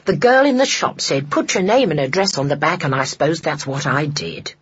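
A storyteller voicing Henny, a kindly, modest and slightly scatterbrained woman who talks about herself with gentle self-mockery, in a husky voice. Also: mid-range voice, lively intonation, a little fast, lo-fi sound. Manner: self-deprecating, insistent.

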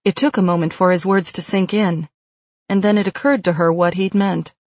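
A woman reading a novel aloud with a measured, even delivery. Her voice sits on the low side, and the recording is dry and slightly dull, without any room sound. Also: dry recording. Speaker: audiobook narrator. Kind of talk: scripted narration.

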